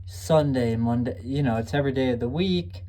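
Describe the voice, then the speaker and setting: A young man chats to camera from a room at home, his story wandering with fillers and false starts. He turns self-deprecating now and then, and his voice sits at an ordinary middle pitch. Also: moderate pace, warm tone, a little hiss or hum. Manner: rambling, self-deprecating, with many fillers and restarts. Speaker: vlogger.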